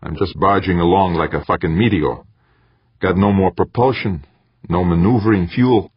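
Male narrator voicing a wry, casual astronaut adrift; very low and husky, muffled dry recording. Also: moderate pace, no room sound. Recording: dry, slightly dull lo-fi sound.

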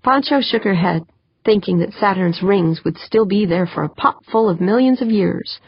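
A woman reads a novel aloud in steady, measured narration. Her voice is gravelly and husky, and the recording is dull and dry. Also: medium pitch, dry recording. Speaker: audiobook narrator. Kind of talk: scripted narration.

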